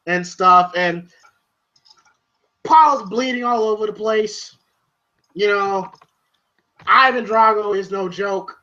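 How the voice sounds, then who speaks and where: A movie reviewer giving a casual spoken review, excitable and profane, retelling scenes in long run-on recaps. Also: medium pitch, a little slow, long pauses, dull audio.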